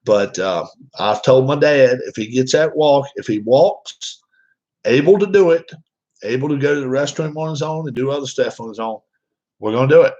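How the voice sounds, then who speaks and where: A man's voice: mid-range voice, lively intonation, normal speed, a little mellow. A man chatting casually to his viewers, rambling, with many fillers and restarts. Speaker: vlogger. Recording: dull lo-fi sound.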